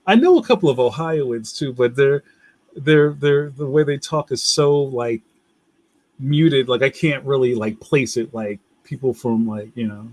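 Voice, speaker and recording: A man's voice: mid-range voice, unhurried, darkish tone, dry recording. Rambling Philly man, dry close mic. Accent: Philadelphia. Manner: rambling, loose, laughs often. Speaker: livestream host reading viewer comments. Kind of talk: casual chat.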